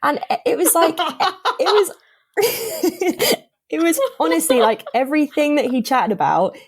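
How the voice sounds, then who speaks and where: With a high voice and a slightly slow delivery, a young podcast guest shares a dating story in relaxed conversation. She brings it to life by performing the lines of the people in it.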